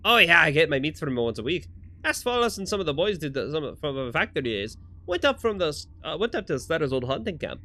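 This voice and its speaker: A man voicing a gruff older male fisherman, talking in a folksy drawl. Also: on the high side, big pitch swings, fast, bright, forceful tone, pitched above the performer's own voice, heavily acted. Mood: chatty.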